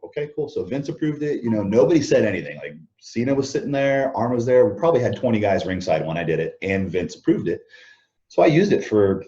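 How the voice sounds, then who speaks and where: A man's voice: lowish voice, fast. A man being interviewed as a guest, telling backstage stories in a casual way, acting out what others said and chuckling often. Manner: animated anecdotes, acts out quoted lines, chuckles often. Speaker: interview guest, former wrestler. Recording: dull lo-fi audio.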